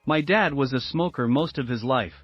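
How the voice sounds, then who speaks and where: A man reading out story posts in a steady, even narration. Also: mid-range voice, moderate pace. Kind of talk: scripted narration of reader posts. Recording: dull lo-fi sound with faint music.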